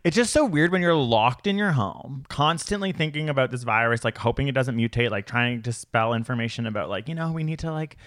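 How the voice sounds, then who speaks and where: A man's voice: medium pitch, fairly quick, hardly any pauses, a bit bright, dry recording, clean studio sound. A man co-hosting a podcast in casual chat, ranting animatedly with jokey asides. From Canada. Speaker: podcast co-host.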